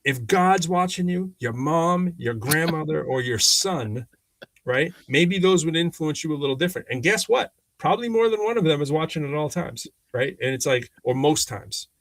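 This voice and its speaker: A man's voice: on the high side, moderate pace, no room sound. A man co-hosting a podcast, talking casually and animatedly with frequent restarts. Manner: animated storyteller, lots of restarts. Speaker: podcast co-host. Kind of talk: casual conversation.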